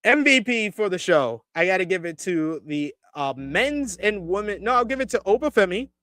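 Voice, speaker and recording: A man hosting a live-stream wrestling review, reading viewer comments and ranting loudly at times. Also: sits high, moderate pace, dry recording. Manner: animated, swears when ranting.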